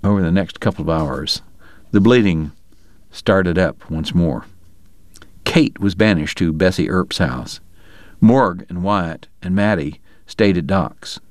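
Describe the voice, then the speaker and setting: A man narrating a novel in a measured, even reading. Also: sits low, dry recording, clean studio sound. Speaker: audiobook narrator. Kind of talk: scripted narration.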